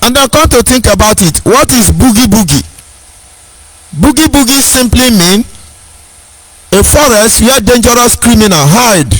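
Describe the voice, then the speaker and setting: A man's voice: very high voice, expressive, moderate pace, pauses often, rough recording. A Nigerian man giving an impassioned speech, stressing his points by repeating questions and phrases. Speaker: speaker.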